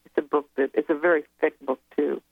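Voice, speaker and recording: A woman's voice: low-pitched, flat delivery, a little fast, vocal fry, no echo. A woman guest author speaking casually in an interview, rambling and hesitant as she recalls things. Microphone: telephone. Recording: tinny phone line.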